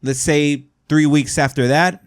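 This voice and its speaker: With a fairly high, clear and resonant voice, this podcast host tells a meandering story at a measured pace, his intonation fairly even. He keeps asking "right?", and the audio is clean studio sound without any room echo.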